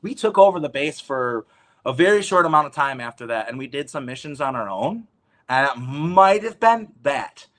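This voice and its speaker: A man talking as an interview guest, telling a story in an animated, rambling way with lots of swearing. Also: mid-range voice, normal speed. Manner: animated, profane, rambling with restarts.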